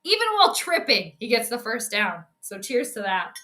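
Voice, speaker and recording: Her voice on the high side with big pitch swings at a normal pace, a young astrology sports streamer commentates a football game live. She's chatty, talks to her viewers, and reacts loudly to every play.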